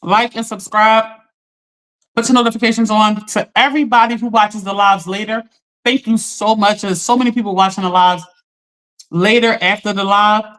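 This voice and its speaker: A woman hosting a live stream, telling a story in an animated, chatty way, talking straight to her viewers and laughing often. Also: mid-range voice, moderate pace. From Philadelphia. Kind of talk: casual storytelling to a live audience.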